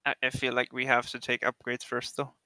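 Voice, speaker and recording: A man's voice: mid-range voice, monotone, a little fast, sharp tone, no echo. A man playing in a tabletop game, chatting casually and laughing easily. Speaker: player.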